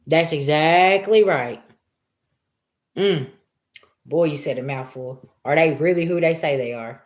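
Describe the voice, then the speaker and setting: Lady doing a casual spiritual reading live, lowish voice, keeps asking rhetorical questions. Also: a little slow, pauses often. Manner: chatty and emphatic, rhetorical questions. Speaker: live-stream spiritual reader. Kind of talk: casual live-stream monologue.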